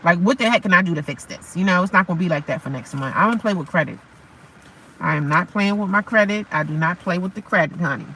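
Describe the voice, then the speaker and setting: A woman's voice: on the low side, fast, sharp tone, slight background noise, poor audio. A woman vlogging casually from her parked car in the rain, chatty and repetitive, calling her viewers honey and baby. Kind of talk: casual chat to camera.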